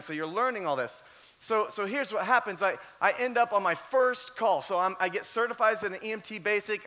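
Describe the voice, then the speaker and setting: Guy preaching a sermon, high pitched, repeats himself, animated stories. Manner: animated storyteller who often repeats words. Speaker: pastor.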